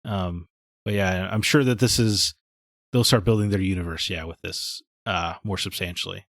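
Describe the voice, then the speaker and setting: A man with a low voice gives blunt, opinionated takes in loose podcast chat. The sound is dry and close, with no room around it. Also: fairly even intonation, normal speed, a bit bright, no room sound. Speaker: podcast co-host. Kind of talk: casual chat.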